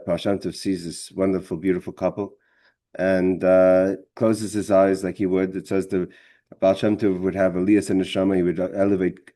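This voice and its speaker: Low, mellow male Torah teacher. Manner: halting, repeats words, many fillers. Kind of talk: storytelling in a religious class.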